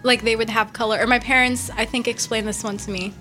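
A teenage girl as a guest in a casual radio chat, talking in a calm, matter-of-fact way. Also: a little high, fast talker, faint music behind.

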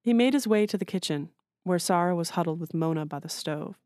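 A woman author reads her own short story in a measured, literary way. Her voice is low, and the recording is dry and close. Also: darkish tone, no room sound.

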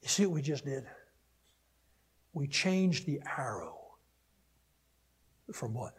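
A man preaching a counseling-focused sermon to a live audience, swinging between emphatic peaks and quiet asides, then leading a prayer. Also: medium pitch, slow, long pauses, husky. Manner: animated, rising to emphatic peaks and dropping to soft asides. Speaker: pastor. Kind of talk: sermon teaching ending in prayer.

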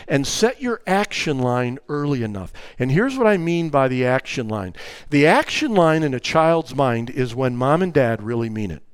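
A man's voice: fairly high pitch, clean tone, dry recording. An older man, a grandfather, preaching a sermon on raising children, speaking emphatically and acting out family conversations. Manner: animated, emphatic, acts out family dialogues.

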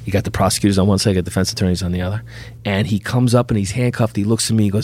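A man's voice: medium pitch, quick pace. A middle-aged bail bondsman tells his stories on a podcast. His voice sits in the ordinary middle range for a man. He acts out each character's dialogue with gusto. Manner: animated anecdote teller, acts out dialogue. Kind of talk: podcast storytelling.

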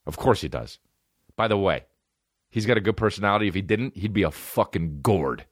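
A man's voice: lowish voice, lively intonation, fairly quick, dry recording, clean studio sound. A man hosting a comedy podcast, riffing in a loose monologue and jumping into put-on voices. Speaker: podcast host. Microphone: studio microphone.

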